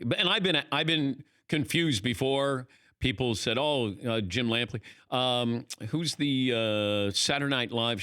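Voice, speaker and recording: A man with a bright, forward voice hosts a sports talk show, spinning self-deprecating anecdotes and mimicking the people in them. The sound is dry and close, straight into a studio microphone. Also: on the low side, no room sound. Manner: storytelling, self-mocking, acts out voices in anecdotes. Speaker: radio show host. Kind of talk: casual studio banter. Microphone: studio mic.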